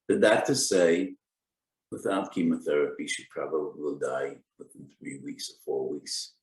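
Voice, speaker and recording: Slow, gravelly-voiced rabbi lecturing. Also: male voice, very deep voice, roomy sound, rough recording. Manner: deliberate, cites sources with Hebrew terms. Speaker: rabbi giving a Torah lecture. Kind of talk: Torah lecture on Jewish law.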